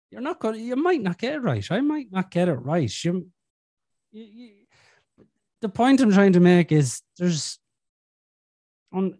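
A man's voice: sits high, a little mellow, no room sound, clean studio sound. A man, telling stories about his kids in casual podcast chat, swearing freely and acting out quoted voices. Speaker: podcast guest, father. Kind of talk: casual conversational storytelling.

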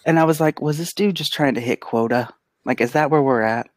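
A man co-hosting a podcast, telling an animated, casual story and acting out the quotes. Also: mid-range voice, a little fast, no room sound. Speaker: podcast co-host; pediatric physical therapist. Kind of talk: casual chat.

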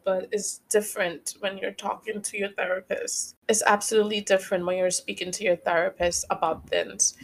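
Woman podcast host talking it through solo, earnest, leans on repeated phrases, mid pitch. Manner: guides listeners through slow breathing. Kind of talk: reflective solo podcast monologue.

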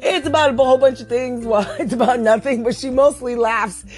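A woman hosting her own podcast late at night, sleepless and chatting casually while she keeps breaking into helpless giggles. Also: on the high side. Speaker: podcast host. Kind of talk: solo podcast chat.

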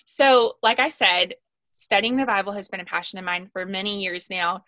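Bright, earnest woman podcast guest. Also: medium pitch, steady tone, normal speed, no room sound. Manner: earnest and talkative, with frequent fillers. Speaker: guest author of a Bible study guide. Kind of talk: casual podcast conversation.

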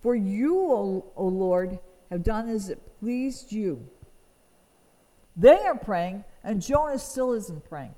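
A woman's voice: mid-range voice, lively intonation, slow pace, mellow, in a large hall, poor audio. A woman teaching from the Bible, reading verses aloud and explaining them earnestly. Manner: reads scripture aloud, then explains it earnestly.

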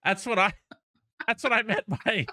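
A man co-hosting an advice podcast, bantering casually, swearing and acting out quotes with animated delivery. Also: high-pitched, moderate pace, no echo, studio quality. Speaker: podcast co-host.

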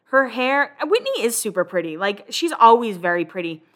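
A young woman chats through a show recap in a bright, forward voice. She talks loosely and swears freely as she goes. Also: fairly high pitch, moderate pace. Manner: chatty, swears freely, quotes people in animated voices. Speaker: podcast host recapping a reality show. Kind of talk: casual recap chat.

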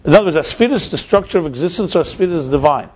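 A man's voice: on the high side, animated, fast, a little mellow, breathy edge. Emphatic man teaching, lo-fi sound. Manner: emphatic, repeats key points. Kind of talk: conversational teaching. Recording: dull lo-fi recording.

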